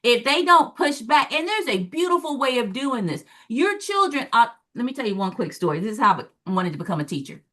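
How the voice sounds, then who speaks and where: Southern woman in her forties, bright forward tone, animated storyteller who acts out quoted voices. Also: fairly high pitch, a little fast, few pauses. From American South. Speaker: guest speaker, former teacher and parent. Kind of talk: storytelling in a talk show discussion.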